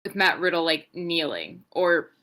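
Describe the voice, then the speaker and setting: A woman's voice: fairly low pitch, animated, measured pace, bright, forceful tone. A young adult woman co-hosting a podcast, giving a sarcastic, profane, rambling play-by-play recap. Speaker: podcast co-host. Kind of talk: casual wrestling recap.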